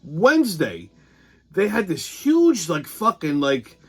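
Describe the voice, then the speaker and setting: A man's voice: high-pitched, wildly swooping pitch, slow pace, fairly bright tone, breathy edge. A man hosting a weekly show, delivering a profane, sarcastic comedic news rant. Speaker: host.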